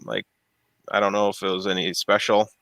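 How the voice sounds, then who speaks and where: A man with a lowish, bright and forceful voice, talking casually while he works. He rambles, laughs easily and loses his words mid-sentence. The sound is dry and close, with no room around it. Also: monotone, fairly quick, no echo. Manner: rambling, laughs often, trails off searching for words. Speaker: streamer fixing printers. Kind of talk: casual chat. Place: home workshop.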